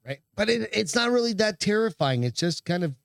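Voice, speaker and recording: Male podcast co-host, casual and profane, slightly higher voice, dry close mic. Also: fairly quick, gravelly, smooth, no echo. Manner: laid-back, swears freely, animated storytelling. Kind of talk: casual chat.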